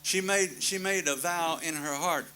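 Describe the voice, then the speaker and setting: Male preacher, folksy plain-spoken sermon delivery, bright and forceful tone. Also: on the high side, measured pace, a little hiss or hum, rough recording. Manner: folksy, plain-spoken storytelling with repeated refrains.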